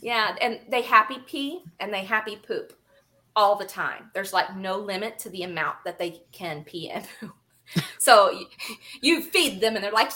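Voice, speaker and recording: A woman guest telling animated, laughing stories in casual conversation, often acting out what other people said. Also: mid-range voice, moderate pace.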